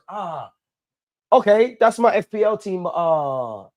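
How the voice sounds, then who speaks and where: A man's voice: sits high, very animated, slow pace, no room sound. A young man, chatting casually and animatedly on a live fan stream, full of slang. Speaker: fan channel host.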